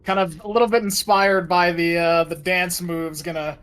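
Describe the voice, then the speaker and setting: Higher-voiced man playing a tabletop game. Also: fairly even intonation, moderate pace, a bit bright, clear, resonant tone. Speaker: player.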